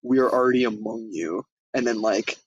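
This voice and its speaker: A man's voice: mid-range voice, normal speed, slightly rough, no room sound, dull audio. A man co-hosting a podcast, casually recapping a comedy film in a loose, profane way and acting out quoted lines. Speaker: podcast co-host. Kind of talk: casual movie recap chat.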